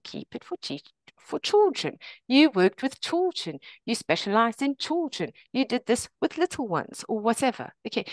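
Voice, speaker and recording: A woman's voice: medium pitch, dry recording. A woman presenting a workshop on teaching English, chatty, often saying "okay" between points.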